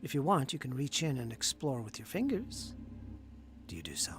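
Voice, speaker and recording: A man's voice: medium pitch, huge pitch swings, over music. Man narrating as game master. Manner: slow, descriptive, questioning players.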